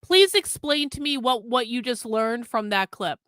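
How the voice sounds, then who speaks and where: A woman's voice: on the high side, animated, measured pace, a bit bright, no room sound. A woman hosting a livestream, bluntly scolding viewers in the chat with heavy profanity. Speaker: livestream host.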